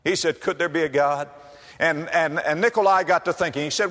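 A male pastor preaching a sermon in a church, telling a story with swings from hushed prayer to shouted climaxes. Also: fairly high pitch, brisk. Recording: long hall reverb.

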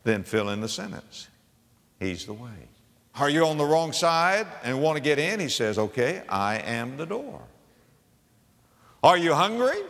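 A man preaching with a lively, sweeping delivery, dropping to near whispers and then rising to a shout. His voice is bright and forceful. A long reverb trails after his words, as in a large hall. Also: fairly high pitch, a little slow, vocal fry. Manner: dramatic swings from hushed to shouting, repeats phrases. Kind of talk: sermon.

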